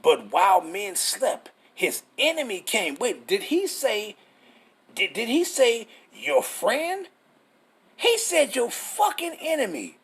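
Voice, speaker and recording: Husky-voiced man preaching with profane fervor. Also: sits high, a bit bright. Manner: profane, rhetorical questions, emphatic. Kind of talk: street-style scripture teaching.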